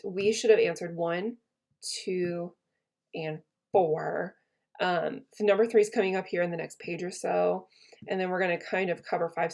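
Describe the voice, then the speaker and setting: A woman with a low, gravelly voice teaches a lesson in a relaxed, chatty way. She reads a classic play aloud and keeps retelling its old lines in everyday slang for her students. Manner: paraphrases old verse in casual modern slang.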